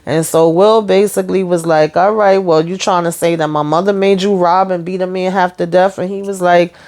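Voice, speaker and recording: A woman recapping a TV episode in casual chat, filling her retelling with "you know" and acting out the characters' lines. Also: brisk. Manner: gets loud and high-pitched when excited. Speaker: TV recap host.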